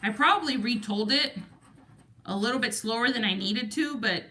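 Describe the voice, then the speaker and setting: A Texan woman hosts a casual lottery scratch-off livestream, chatting, counting numbers and reading viewer comments aloud in her Texan accent. Her voice is a little high, pushed and bright at normal speed, with reverb and a little hiss or hum.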